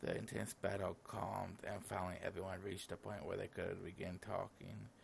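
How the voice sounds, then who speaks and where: Gravelly low-voiced man reading a game. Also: level tone, normal speed, slight background noise. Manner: reads every character's lines in his own voice, with casual asides. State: sleepy, yawning. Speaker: gaming channel host. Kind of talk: reading a visual novel aloud.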